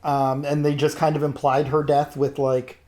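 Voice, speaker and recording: A man's voice: a little high, little pitch movement, normal speed, darkish tone. Rambling young male host. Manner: rambling, full of fillers, laughs often. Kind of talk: casual chat.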